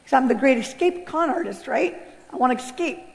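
A woman giving an animated personal testimony and acting out the voices of others. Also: sits high, a little fast, gravelly. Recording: long hall reverb.

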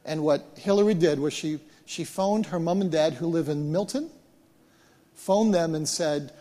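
A man preaching as a pastor, retelling events in an animated way and often repeating words as he restarts. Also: fairly high pitch, normal speed. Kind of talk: sermon storytelling. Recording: long hall reverb.

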